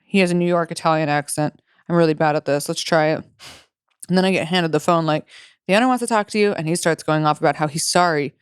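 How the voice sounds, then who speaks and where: Young female podcast co-host, crisp voice in a dead-dry booth, foul-mouthed and giggly. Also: low voice, steady tone, fast, no room sound. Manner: profane, laughs while reading stories aloud. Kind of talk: casual podcast chat.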